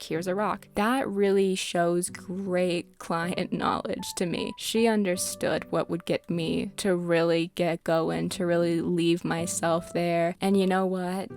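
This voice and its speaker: Gravelly low-voiced young woman rambling. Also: darkish tone. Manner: rambling, self-mocking, swears often. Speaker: gaming content creator. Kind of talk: casual gameplay commentary.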